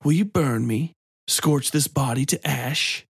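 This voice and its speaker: A sly village priest with a taunting, hissing manner, voiced by a man reading a story aloud. His speech is insinuating and provocative, heard in a dry, close recording at a middling male pitch. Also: unhurried, gravelly, breathy edge, no echo.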